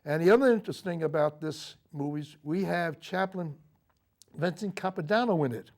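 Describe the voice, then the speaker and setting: Older man, Marine veteran, TV studio interview, halting speech, slightly high voice. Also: a little mellow. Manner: halting, with frequent fillers and restarts. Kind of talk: recounting memories in a TV interview. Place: local TV studio.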